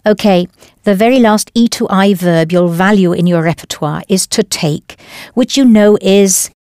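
A woman narrating a scripted audio lesson, patient and explanatory, slowly modelling pronunciation. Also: mid-range voice, darkish tone, no room sound, studio quality. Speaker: language course narrator.

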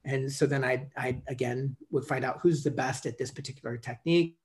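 A man's voice: mid-range voice, fairly even intonation, a little fast. A man in his fifties, a coach and podcast guest, telling stories in a rambling way with many restarts and fillers. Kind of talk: casual storytelling interview.

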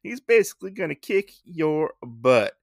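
A man voicing a boastful young rabbit samurai boy in a comic recap, pitching his voice up high. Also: big pitch swings, measured pace, gravelly, no room sound, clean studio sound, heavily acted.

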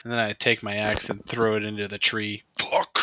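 A man's voice: fairly low pitch, monotone, brisk, sharp tone. A man playing a tabletop role-play game in character, talking in a blunt, profane, rambling way. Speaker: player.

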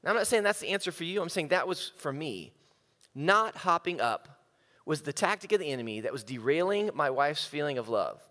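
A man preaches in a humorous, self-mocking way, acting out little scenes as he tells stories. His fairly high voice swings widely in pitch. A long reverb from a big hall trails behind it. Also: sing-song, brisk, pushed and bright. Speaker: speaker. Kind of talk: humorous sermon storytelling.

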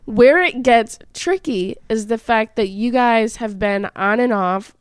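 A young woman co-hosting a podcast, giving frank opinions in casual chat. Her voice is smooth and slightly high. The recording is dry and close. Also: unhurried, dry recording. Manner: frank, opinionated, laughs easily. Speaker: podcast co-host.

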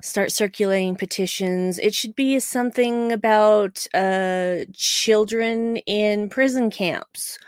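A woman co-hosting a podcast in casual chat, talking in a chatty, animated way with quick asides. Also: mid-range voice, clean tone, no echo, studio quality. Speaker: podcast co-host.

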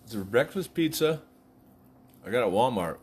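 A man's voice: medium pitch, expressive, normal speed, darkish tone, breathy edge. A man recording a casual, rambling video message just after waking from a nap, talking while eating. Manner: rambling, loose and just-woken. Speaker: vlogger.

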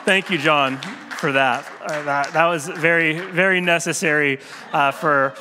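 A man giving a sermon as pastor, talking in a relaxed, conversational way with frequent filler restarts. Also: a little high, a little slow, background noise. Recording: long hall reverb.

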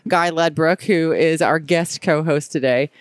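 A woman's voice: low-pitched, measured pace, no echo. A woman hosting a podcast interview at a conference, upbeat and chatty, laughing often. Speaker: podcast host. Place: conference exhibit hall.

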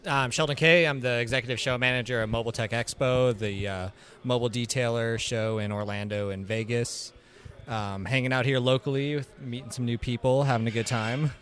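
A man's voice: medium pitch, a bit bright. A man on a podcast as a guest, a trade show manager, chatting in a friendly, easygoing way. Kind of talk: casual chat.

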